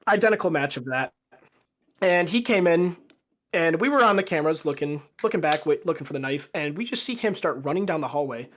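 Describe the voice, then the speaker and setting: A man's voice: fairly high pitch, expressive, fairly quick, fairly bright tone. A young man as a podcast guest, telling a rambling story in casual chat with lots of fillers. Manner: rambling anecdote with fillers and acted quotes.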